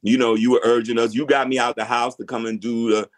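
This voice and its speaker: A man's voice: mid-range voice, level tone, fast talker. A middle-aged man speaking as a guest in a casual interview, laid-back and frank with slangy talk.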